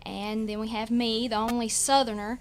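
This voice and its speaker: A woman's voice: on the high side, level tone, moderate pace, a little hiss or hum. A woman from Louisiana with a country twang, a guest chatting and giggling on a radio show. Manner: giggly, rambling. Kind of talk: casual radio chat.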